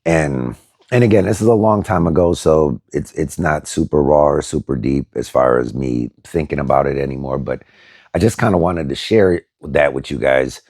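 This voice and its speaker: A man's voice: a bass voice, normal speed, a little mellow, no room sound, clean studio sound. A middle-aged man telling a story casually to his viewers, blunt and profane, with many fillers. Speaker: vlogger.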